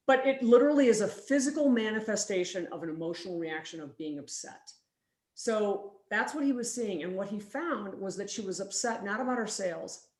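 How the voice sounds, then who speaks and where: A woman giving a conference keynote, telling a story lively and acting out both sides of a dialogue. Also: medium pitch. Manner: lively, acts out quoted dialogue. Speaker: keynote speaker. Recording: roomy, echoey hall.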